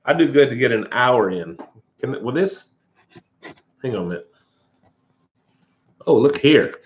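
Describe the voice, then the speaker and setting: A man's voice: medium pitch, lively intonation, unhurried, phone-quality sound. A man hosting a casual live stream, rambling and folksy with frequent chuckles. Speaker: outdoor channel host.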